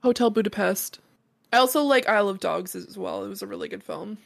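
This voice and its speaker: A woman's voice: medium pitch, fairly quick, vocal fry. A woman co-hosting a casual podcast chat, gushing and talkative. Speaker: podcast co-host.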